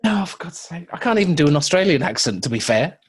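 A man's voice: a little high, big pitch swings, fast talker, slightly rough. A man co-hosting a podcast, chatting casually and rambling through jokes and restarts. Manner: rambling, joking, with many restarts. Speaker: podcast co-host. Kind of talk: casual chat.

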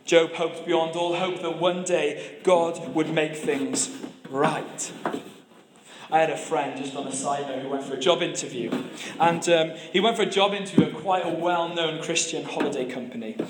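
A man's voice: on the high side, fairly even intonation, moderate pace, reverberant, noisy background. A man preaching a sermon, telling stories with humor and often restarting his phrases. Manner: storytelling with humor and repeated restarts.

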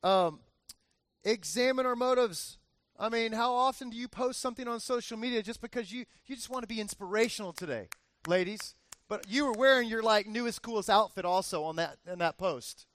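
A man's voice: high voice, fairly quick, a bit bright, dry recording. A male pastor giving a conversational sermon, often repeating phrases for emphasis and adding joking asides.

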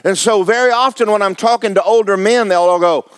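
A man's voice: high voice, a little fast, a bit bright, clear, resonant tone. A man, preaching a folksy, joking, emphatic sermon as pastor. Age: 70s.

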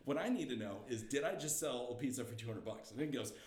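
A young man telling a story as a guest, lively and laughing, acting out the quotes. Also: medium pitch, fast talker, reverberant, background noise. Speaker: comedian guest. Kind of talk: animated storytelling.

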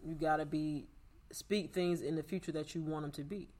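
A man with a slightly higher voice speaks earnestly in a relaxed conversation. He sounds reflective and motivational. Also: normal speed. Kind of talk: casual conversation.

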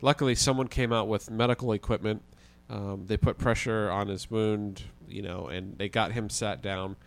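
A man, a guest on a podcast, telling a story in a casual, animated way with the odd swear word. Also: on the low side, normal speed, creaky. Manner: animated, vivid retelling with occasional swearing.

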